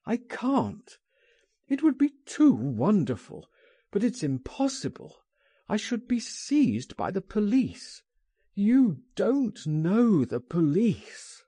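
Male reader playing a frightened man, pleading, anguished, raised pitch, husky tone. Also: huge pitch swings, takes it slowly, dark tone, no echo, clean studio sound, exaggerated voice.

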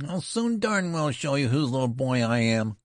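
A man reading a story aloud, voicing a small, fierce, indignant boy general in a shrill, changing treble. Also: lively intonation, fairly quick, no room sound, clean studio sound, close to an everyday voice. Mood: shrill, ferocious. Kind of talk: audiobook character voice.

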